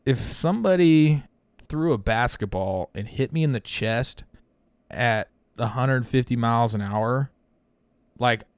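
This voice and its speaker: A man's voice: mid-range voice, unhurried, clear, resonant tone, dry recording. Profane rambling man, dry sound. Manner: profane, rambling storyteller acting out quotes. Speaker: podcast co-host. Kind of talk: casual comedic chat.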